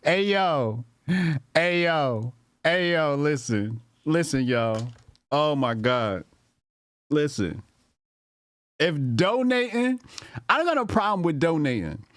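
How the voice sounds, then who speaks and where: Male stream host, sardonic and laughing, unhurried delivery, dry close sound. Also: on the high side, sing-song, a bit bright, no echo. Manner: mocking, laughs often, slow drawn-out delivery. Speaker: commentary streamer. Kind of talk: laughing reaction commentary.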